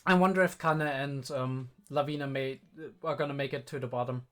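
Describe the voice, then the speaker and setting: A young man, not a native English speaker, hosting a casual reaction video and thinking aloud with many pauses and restarts. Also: medium pitch, fairly even intonation, a bit bright. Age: young adult.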